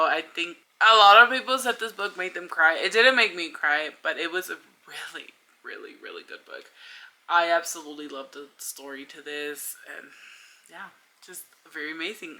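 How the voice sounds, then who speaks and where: A woman's voice: lowish voice, sharp tone. A young woman in a casual book review vlog, chatty and gushing, with lots of filler words. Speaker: book vlogger.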